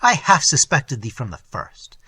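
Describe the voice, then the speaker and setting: A man's voice: mid-range voice, wildly swooping pitch, a little slow, sharp tone, slightly rough, dry recording, full character voice. A man reading an audiobook and voicing a haughty, scornful Italian prince who speaks imperiously. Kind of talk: audiobook character voice.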